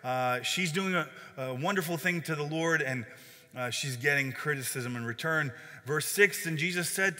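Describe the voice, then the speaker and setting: A man's voice: a little high, normal speed, sharp tone. A man preaching a sermon as pastor, conversational, with frequent fillers and restarts. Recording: long hall reverb.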